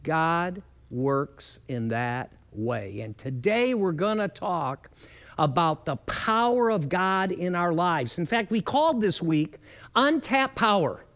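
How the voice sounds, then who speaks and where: A middle-aged man preaching a sermon as a pastor, telling stories earnestly with lively rises and falls. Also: slow pace. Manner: earnest storytelling with lively shifts in pitch.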